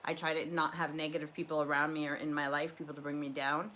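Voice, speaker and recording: A woman's voice: sits low, level tone, quick pace, pushed and bright, a little hiss or hum, rough recording. A middle-aged woman talking candidly and rambling from her living room as host of a live stream. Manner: rambling, candid, lots of restarts. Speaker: livestream host. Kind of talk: casual personal talk.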